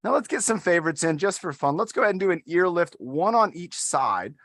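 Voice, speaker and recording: A man's voice: high voice, very animated, a little fast, fairly bright tone, dry recording. A man instructing an adaptive fitness class, talking in an upbeat, encouraging way and counting down the holds. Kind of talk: guided workout instruction.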